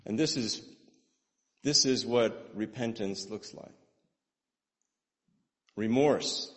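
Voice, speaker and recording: A man preaching a sermon in an animated way, with rhetorical questions and repeated words. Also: on the low side, slow pace. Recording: long hall reverb.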